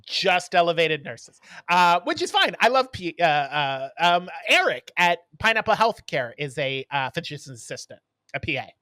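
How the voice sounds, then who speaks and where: A man co-hosting a podcast in casual chat, telling stories in an animated way and acting out what people said. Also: a little high, moderate pace, no echo. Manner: animated storyteller who acts out quotes. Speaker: podcast co-host.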